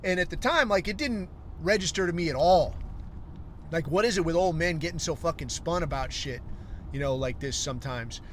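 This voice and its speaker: A man's voice: on the high side, normal speed, a bit bright, a little hiss or hum. Host, forties, man, swears constantly, rambling and wry. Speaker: podcast host. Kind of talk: casual storytelling monologue.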